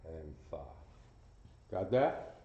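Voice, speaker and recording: A man's voice: sits low, expressive, drawn-out words, warm tone. A man teaching a class in front of a board, drilling sounds aloud, repeating phrases and quizzing his students. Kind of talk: classroom lesson. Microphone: camera he sometimes walks away from. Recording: roomy, muffled sound.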